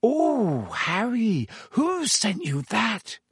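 A worried, precise teenage schoolgirl in a storybook reading, put on by a man with a raised, thin pitch. She speaks in a fussy, disapproving way, and the sound is close and dry. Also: very animated, normal speed, no room sound. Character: clever bossy teenage schoolgirl.

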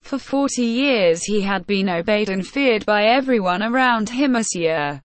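A woman reading a storybook in a scripted narration, slow, careful and even. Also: medium pitch, no room sound. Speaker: audiobook reader.

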